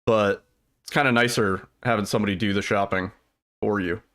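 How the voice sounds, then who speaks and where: A man's voice: on the low side, brisk. Rambling, laid-back male streamer. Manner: rambling, relaxed, casually profane, answers chat. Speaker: livestreamer and speedrunner. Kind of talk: casual livestream chat.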